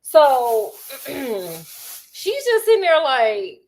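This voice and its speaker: A woman's voice: sits high, sing-song, very slow, darkish tone. A woman, chatting while she cooks and gossiping about reality TV in a sassy, dramatic way. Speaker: cooking vlogger. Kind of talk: casual chat while cooking.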